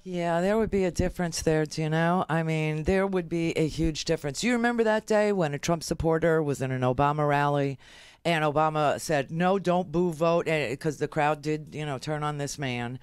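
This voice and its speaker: A woman's voice: low voice, fairly even intonation, moderate pace, darkish tone, clean tone, no echo. A middle-aged woman hosting a political talk radio show, ranting emphatically with many fillers and restarts. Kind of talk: opinionated political commentary.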